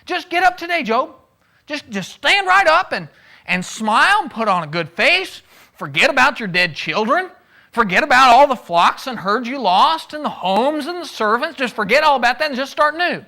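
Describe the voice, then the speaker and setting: A man's voice: very high voice, animated, a little slow, creaky, bright, forceful tone, heavily acted. A man voicing a scornful ancient male friend who mockingly scolds a sufferer to cheer up and move on. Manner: mocking, dismissive, pushy.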